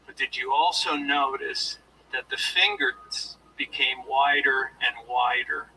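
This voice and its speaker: A former law enforcement officer giving a motivational lecture, coaching his audience in a deliberate, demonstrative way, recorded from a distance. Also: medium pitch, bright, forceful tone, slight background noise.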